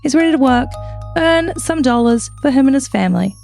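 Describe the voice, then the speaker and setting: Woman co-host, chatty true crime storyteller, fairly high voice, hotel room. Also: expressive, fairly quick, vocal fry, a little mellow, faint music behind. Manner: dramatic, chatty with swearing asides. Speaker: podcast co-host.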